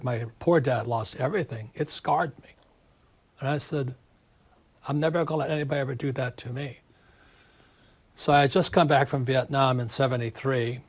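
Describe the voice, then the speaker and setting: A male author in his seventies speaks in an interview with a medium-pitched voice, animated and forceful, repeating words to drive his points home.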